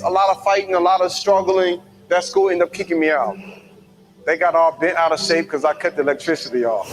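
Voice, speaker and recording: High-voiced man telling his story. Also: poor audio. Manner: animated, acts out quoted voices. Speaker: motivational speaker. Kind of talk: personal storytelling talk.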